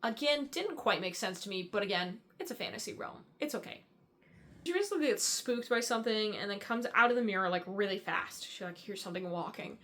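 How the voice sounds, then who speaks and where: A woman's voice: medium pitch, animated, fairly quick, fairly bright tone. A young woman giving a casual, rambling book breakdown, chatty and full of fillers and swearing. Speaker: book reviewer.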